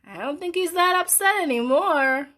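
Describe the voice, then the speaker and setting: A woman hosting a live children's story reading, with chatty, animated asides to her young viewers. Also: very high voice, moderate pace. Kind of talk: live read-aloud for children.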